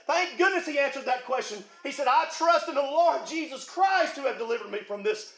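A man preaching a sermon with fervour, rising to shouts at his peaks and chuckling between points. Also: very high-pitched, fast, few pauses, roomy sound.

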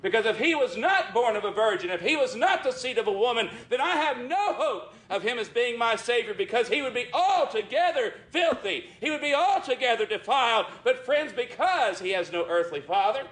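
A man preaching a sermon in an earnest way, often calling his listeners friends and dropping his voice low for emphasis. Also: expressive, brisk, hardly any pauses, a bit bright.

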